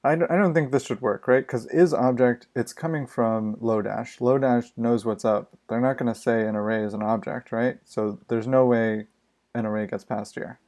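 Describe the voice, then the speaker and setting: A man's voice: medium pitch, steady tone, moderate pace, darkish tone. A man live-streaming himself programming, muttering his thoughts aloud in a casual, exasperated way and swearing freely.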